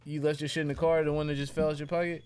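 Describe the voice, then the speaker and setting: A young man co-hosting a casual football podcast, teasing his friends and jumping into high mocking tones. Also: little pitch movement, racing, darkish tone, a little hiss or hum. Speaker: podcast co-host. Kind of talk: casual sports chat.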